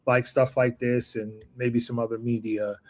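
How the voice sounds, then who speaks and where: A man hosting a casual chat, relaxed and loose, often restarting his sentences. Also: medium pitch, moderate pace. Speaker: host.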